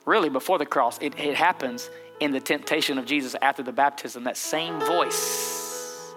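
A man's voice: medium pitch, normal speed. A man who is a pastor, delivering an impassioned sermon in a church with repeated, rising phrases. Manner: impassioned, repetitive and rising preaching. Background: music.

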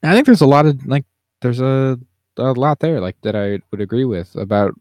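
A man's voice: mid-range voice, lively intonation, fairly quick, a little mellow, no room sound. A man co-hosting a podcast, musing about a film in a meandering, hedging way, thinking aloud as he goes. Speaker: podcast co-host. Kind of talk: casual movie discussion.

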